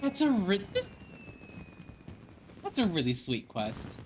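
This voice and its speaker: A streamer commenting live on a game, excitable and profane, with sudden outbursts. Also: mid-range voice, slow, slight background noise.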